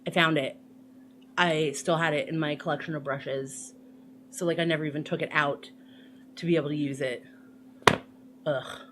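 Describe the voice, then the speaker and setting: A woman's voice: sits low, fairly even intonation, normal speed, pauses often, fairly bright tone, slight background noise. A woman chatting casually through a makeup tutorial, rambling with lots of fillers and playful asides. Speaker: makeup vlogger.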